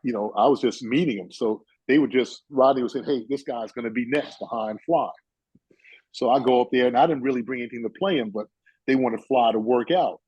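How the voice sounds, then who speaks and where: A man's voice: mid-range voice, fast, a little mellow, slightly rough, dry recording, poor audio. A man in his sixties from New York, a guest telling rambling stories full of "you know" and "uh". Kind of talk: casual storytelling chat.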